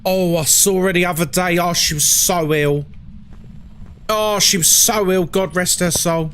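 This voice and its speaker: A man's voice: high voice, fairly even intonation, a little slow, fairly bright tone, faint music behind. A man doing a gossipy old London nan. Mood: fussing. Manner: gossipy, repeats phrases, sighing "oh"s. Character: gossipy elderly London nan, fussing and sympathetic.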